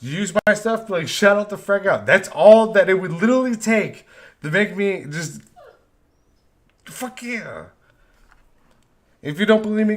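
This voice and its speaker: A man ranting on a live stream, frustrated and profane, often repeating himself. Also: a little high. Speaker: live stream host, vector artist.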